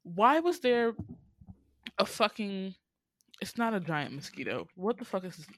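A podcast host from Georgia with a Southern accent tells stories in a casual, profane, dramatic style, animated and full of big voice swings. Her voice is mid-range and her pace measured.

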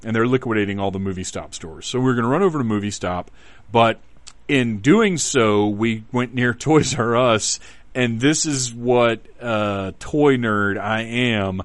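A man's voice: mid-range voice, measured pace, no room sound. A middle-aged man from the Southern United States telling a rambling, self-deprecating story in a casual podcast monologue. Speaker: podcast host.

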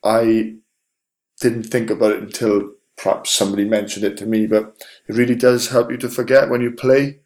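A middle-aged man with a fairly low voice hosts a podcast in relaxed conversation. He rambles a little, with frequent ums and false starts. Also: normal speed. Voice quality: rambling, with many fillers and restarts. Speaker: podcast host. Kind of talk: casual chat.

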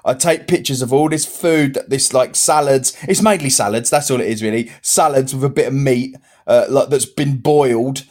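A man's voice: mid-range voice, normal speed, darkish tone. A man co-hosting a casual podcast, laughing and teasing as he tells a story. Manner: laughing, teasing, swears freely. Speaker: podcast co-host. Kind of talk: casual banter.

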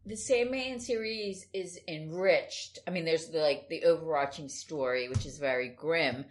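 Casting note: woman with a very low voice, easygoing co-host, musing and rambling. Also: unhurried, slight background noise. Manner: thoughtful, rambling, with hedging fillers. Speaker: podcast co-host. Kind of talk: casual comic book discussion.

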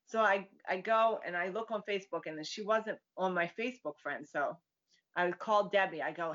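A woman's voice: fairly low pitch, a little fast, a bit bright. A woman guest, a psychic medium, chatting casually and acting out the voices in her stories. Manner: chatty storyteller, acts out quoted voices. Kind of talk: casual interview chat. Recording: dull lo-fi sound.

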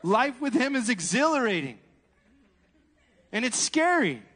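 A man preaching a sermon, animated and laughing, swinging between loud exclamations and hushed asides. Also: very high-pitched, a little slow, slightly rough, long reverb tail.

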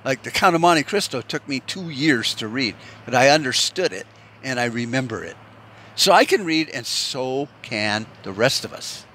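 A man's voice: mid-range voice, expressive, normal speed, bright, forceful tone, slight background noise. A man from the United States delivering a heated, rambling, profane rant and restarting his sentences often. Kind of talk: ranting monologue.

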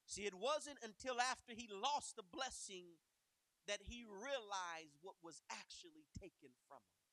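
A man teaching a Sunday school Bible lesson, animated and acting out the story in character voices. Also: sits high, measured pace, no echo, rough recording.

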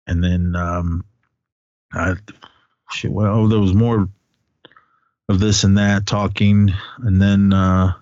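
A man's voice: deep voice, level tone, takes it slowly, pauses often, darkish tone, no echo, muffled recording. A man co-hosting a podcast, giving a rambling, casual movie recap full of restarts and offhand swearing. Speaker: podcast co-host.

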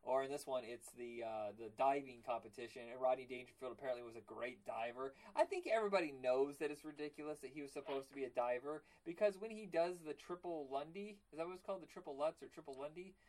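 A man in easy, rambling conversation about old movies, talking over a remote call. His voice sits at a middling pitch, and he gets animated and swears casually as he goes. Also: fast talker, hardly any pauses. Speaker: podcast co-host.

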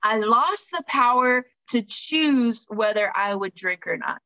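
The audio is poor, and the woman's voice is on the high side, pushed and bright, with lively intonation and a slow pace. She openly tells of her own recovery, reading aloud from a book and frequently checking in with her audience, speaking conversationally with many fillers and "right?" tags.

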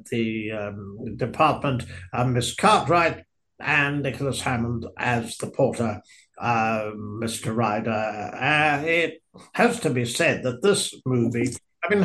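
A man's voice: mid-range voice, fairly bright tone. A man reviewing a film in casual chat, wry and rambling, with frequent hesitations.

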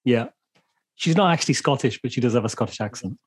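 A man co-hosting a podcast, playful and quick to laugh in casual chat. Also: medium pitch, expressive, husky. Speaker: podcast co-host.

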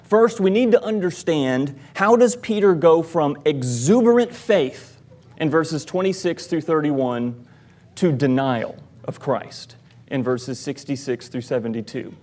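A man, a church elder, preaching a sermon in a measured, deliberate way, giving quoted lines with emphasis. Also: fairly high pitch, a little mellow. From American South.

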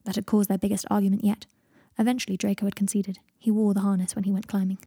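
A woman reading a fan fiction audiobook in a calm, even storytelling manner. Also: medium pitch, quick pace, slightly rough, no echo, studio quality. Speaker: audiobook narrator.

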